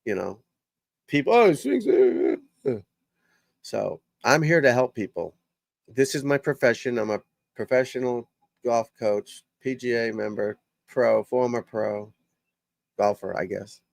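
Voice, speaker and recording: A man's voice: medium pitch, unhurried, vocal fry, dry recording. Blunt, profane older man on a live stream. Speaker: golf coach and live-stream host. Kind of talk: casual live-stream chat.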